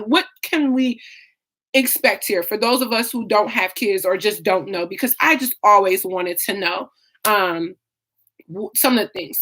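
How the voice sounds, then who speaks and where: A young woman hosting a casual livestream, reading viewer comments aloud and reacting in a chatty, expressive way. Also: fairly high pitch. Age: young adult. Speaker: YouTube live streamer.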